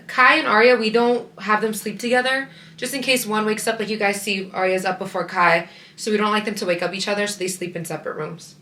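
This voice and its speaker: A woman's voice: mid-range voice, steady tone, fairly quick, sharp tone, a little hiss or hum. Chatty young woman vlogging at home. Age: 20s. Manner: chatty, lots of "like", talks to viewers as "guys". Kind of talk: casual vlog chat.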